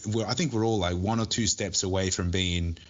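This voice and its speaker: A podcast co-host with a low voice chats casually, speaking fairly quickly in a steady tone. He jokes, restarts his sentences often, and laughs at his own jokes.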